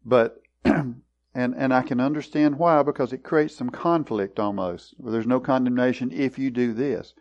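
A man leading a Bible study, explaining verses in a deliberate, explanatory way and clearing his throat often. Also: mid-range voice, darkish tone. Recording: dull lo-fi recording.

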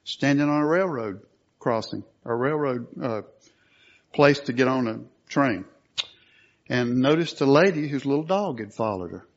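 Brief: preacher, man, mid-pitched, earnest sermon, muffled lo-fi sound. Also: expressive, a little slow. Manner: earnest, rising to forceful emphasis. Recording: dull lo-fi recording.

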